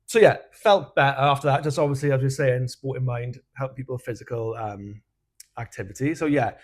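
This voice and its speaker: A Welsh man co-hosting a podcast, telling a personal story in a frank, casual way, swearing freely and laughing at his own dark humour. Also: mid-range voice, fairly quick. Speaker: podcast co-host.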